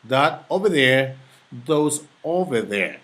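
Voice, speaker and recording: Slow-paced man teaching a language lesson. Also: mid-range voice, sing-song, a bit bright. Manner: slow, deliberate, repeats examples in two languages. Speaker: language tutor. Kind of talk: slide-based lesson.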